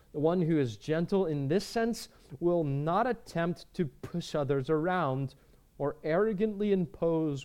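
Earnest man preaching a sermon. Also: on the high side. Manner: earnest, repeats words, shifts between emphatic and quiet. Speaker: pastor.

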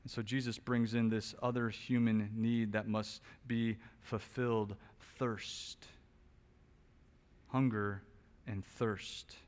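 Slow and smooth, with a lowish voice and flat delivery, a pastor works through an expository sermon. He speaks conversationally with small restarts, rising to loud emphatic peaks and then falling quiet again.

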